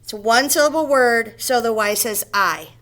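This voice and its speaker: A woman teaching a phonics lesson to first graders, slowly and patiently explaining each step and checking in with the children. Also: fairly high pitch, fairly bright tone.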